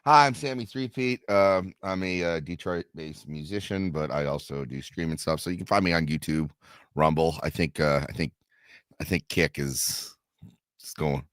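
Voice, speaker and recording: A man's voice: rumbling low, moderate pace, fairly bright tone, dry recording, studio quality. A man co-hosting a casual livestream podcast, talking hesitantly with frequent laughs. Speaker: co-host, musician.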